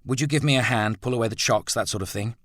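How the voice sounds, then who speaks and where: A man reading a brisk, decisive gentleman. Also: mid-range voice, dry recording, studio quality, pitched above the performer's own voice, lightly acted. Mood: urgent.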